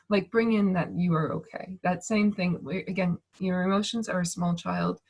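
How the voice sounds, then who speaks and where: A woman in her thirties, giving a gentle, reassuring talk over a video call and thinking aloud as she goes. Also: fairly low pitch, steady tone, moderate pace, gravelly, hardly any pauses, dull audio. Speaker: speaker on emotions and manifestation.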